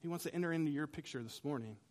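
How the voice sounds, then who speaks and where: A man preaching a sermon in a conversational way, swinging between loud emphasis and quiet, hushed lines. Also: on the high side, very fast. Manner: dramatic shifts between loud and soft. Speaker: pastor.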